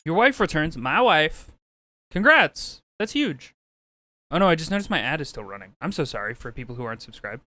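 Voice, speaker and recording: A man's voice: a little high, fast talker, hardly any pauses, dry recording. Chatty young man streaming a game. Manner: chatty, animated, greets chat by name. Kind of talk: casual livestream chat while gaming. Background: game music.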